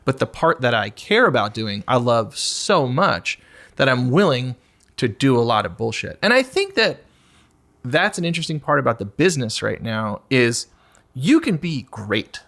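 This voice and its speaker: A man in his forties, a guest musician talking candidly in a podcast conversation, who slips into high mock voices to act out asking for attention. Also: sing-song, moderate pace, gravelly, fairly bright tone. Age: 40s.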